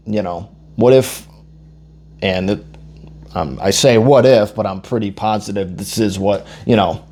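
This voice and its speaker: A young man talking casually into the camera, with a hoarse voice he says he is losing, rambling loosely and swearing as he goes. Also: fairly low pitch, darkish tone. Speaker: vlogger.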